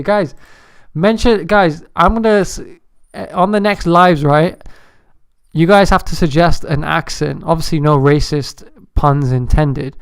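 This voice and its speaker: Guy on a trading livestream, bit high voice, smooth clear, joking around with chat. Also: a little slow, no echo, clean studio sound. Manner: animated, joking, chatty with viewers. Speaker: day-trading livestream host. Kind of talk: casual live-stream commentary.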